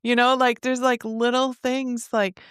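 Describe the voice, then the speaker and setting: A woman's voice: on the high side, level tone, a little slow, clean tone, dry recording. Chatty woman host, easy laughs, dry close mic. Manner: warm, chatty, laughs easily. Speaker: podcast host. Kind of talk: casual interview chat.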